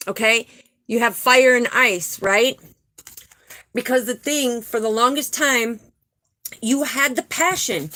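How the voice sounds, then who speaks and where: A middle-aged woman with a slightly high voice leads a live spiritual card reading. She speaks emphatically, repeating her key phrases in a preacher-like rhythm. She keeps checking in with her listeners as she goes. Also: fairly bright tone, a little hiss or hum. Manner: emphatic, repeats phrases, preacher-like cadence with "okay?" and "right?" tags. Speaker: spiritual tarot reader.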